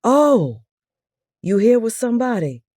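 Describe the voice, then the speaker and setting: A woman voicing an eager middle-aged man who talks loud and fast and pleads in a rambling way. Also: fairly high pitch, lively intonation, dry recording, studio quality, pitched above the performer's own voice.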